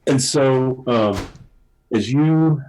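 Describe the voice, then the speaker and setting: A man running a tabletop role-playing game as dungeon master, narrating in a relaxed, halting way with many fillers. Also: medium pitch, low-quality recording.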